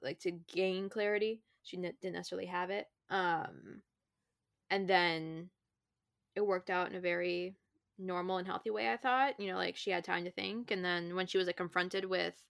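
A woman's voice: fairly low pitch, creaky, a bit bright, no echo, clean studio sound. A young woman co-hosting a book podcast, chatting casually and rambling, sometimes humming to herself. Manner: rambling, hums and scats playfully. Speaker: podcast co-host.

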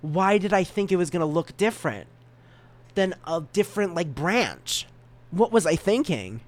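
Rambling young man with sudden animated leaps. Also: normal speed. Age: 20s. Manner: rambling, self-mocking, stumbles and repeats words; animated jumps in pitch and volume. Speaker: podcast host. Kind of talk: casual solo podcast rambling.

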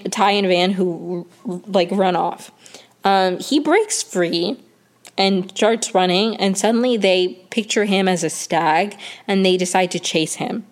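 A young woman casually recapping a TV episode, chatty and full of fillers and restarts. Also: medium pitch. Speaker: show recap host.

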